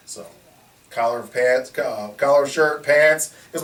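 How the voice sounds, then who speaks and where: A man casually telling a story in an animated way, laughing often and acting out the voices in his quotes. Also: medium pitch, fast, recorded from a distance, a little hiss or hum. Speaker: security company founder telling a story. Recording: echoey room from off mic, faint ambience.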